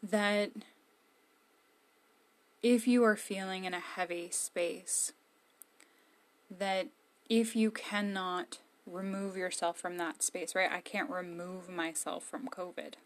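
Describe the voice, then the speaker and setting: A woman's voice: lowish voice, fairly even intonation, slow pace, pauses often. A woman giving casual, emphatic encouragement to camera from her own room. She is candid and blunt. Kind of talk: casual motivational talk to camera.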